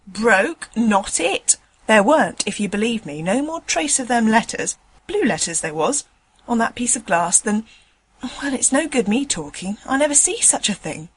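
A woman with a slightly high, sing-song voice and a breathy edge speaks at a moderate pace. She is playing a middle-aged, working-class male tram conductor who is chatty and indignant, rambling on in folksy dialect.

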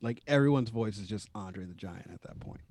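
A man's voice: fairly low pitch, brisk, darkish tone, a little hiss or hum. A man, co-hosting a casual podcast, joking and laughing with playful asides. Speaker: podcast co-host. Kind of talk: casual chat.

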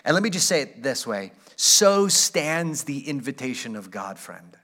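A man's voice: medium pitch, big pitch swings, a little slow, bright, forceful tone. A man preaching a sermon as pastor, earnest and inviting, and reading aloud from a classic story.

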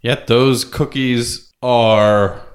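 A man co-hosting a podcast in casual chat, playful and animated, now and then slipping into silly voices. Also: mid-range voice, very slow. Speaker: podcast co-host.

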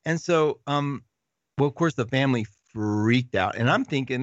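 A man's voice: mid-range voice, moderate pace, no echo, muffled recording. A middle-aged man hosting a casual live chat, reading viewer comments and rambling through stories with restarts and laughs.

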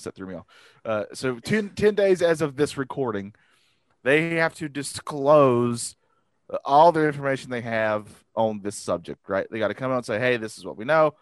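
A man's voice: mid-range voice, no echo. A man hosting a casual podcast chat who rambles, with many fillers and restarts. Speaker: podcast host.

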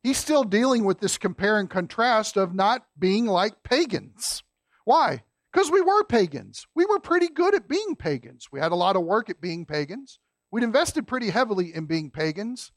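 A man preaching a sermon as a pastor, folksy and emphatic, dropping low and quiet to stress a point. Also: sing-song, moderate pace, dry recording, clean studio sound.

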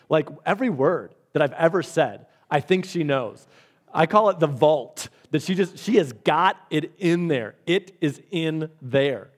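A man's voice: on the high side, expressive, a little slow. A man preaching a conversational sermon, reading scripture and explaining it with everyday examples, sometimes repeating words. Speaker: pastor.

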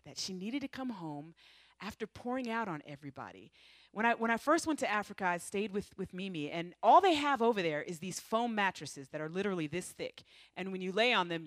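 A woman from the United States giving a missionary testimony, telling her story with lively, playful asides. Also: medium pitch, no room sound. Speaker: missionary speaker. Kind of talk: testimony to a congregation.

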